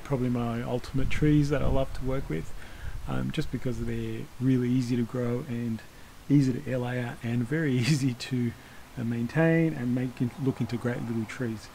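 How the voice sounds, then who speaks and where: This man has a mid-range, creaky, mellow voice, captured in a low-quality recording with slight background noise. Hosting a bonsai channel, he talks casually through a hands-on demonstration, rambling, correcting himself, and chuckling softly as he works.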